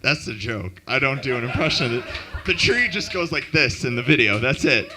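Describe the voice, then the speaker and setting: A man doing a deadpan, self-mocking stand-up comedy set at an open mic in a club. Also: mid-range voice, brisk, background noise.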